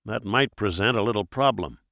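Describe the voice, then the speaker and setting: A man playing a calm, unflappable male investigator with a dry, understated manner. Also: lowish voice, a little fast, gravelly, no room sound.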